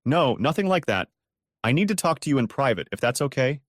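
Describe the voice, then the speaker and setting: A man's voice: medium pitch, sing-song, brisk, no echo, studio quality, pitched above the performer's own voice. A man voicing a worried, indignant woman who urgently pleads with a friend to help, in a storybook audio reading. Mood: earnest.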